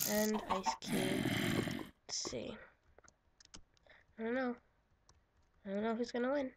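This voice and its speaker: A woman's voice: mid-range voice, very noisy. A woman giving casual, chatty let's-play commentary over a computer microphone, giggling and correcting herself as she goes. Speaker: gaming channel host.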